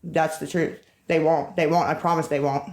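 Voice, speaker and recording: A woman's voice: low-pitched, little pitch movement, normal speed, darkish tone, poor audio. A woman livestreaming on her phone, ranting in an agitated, profane way and rambling between topics. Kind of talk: rambling live-stream talk.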